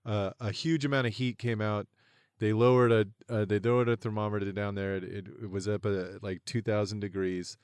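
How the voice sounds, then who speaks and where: A man's voice: on the low side, fairly even intonation, brisk, darkish tone, clear, resonant tone, no echo, clean studio sound. A male podcast co-host telling a story with many hesitant fillers.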